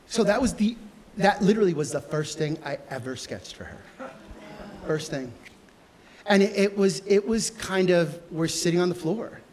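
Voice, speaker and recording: A man, a fashion designer, answering audience questions with candid, animated storytelling and acted-out dialogue. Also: high-pitched, normal speed. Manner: animated, acts out quoted dialogue.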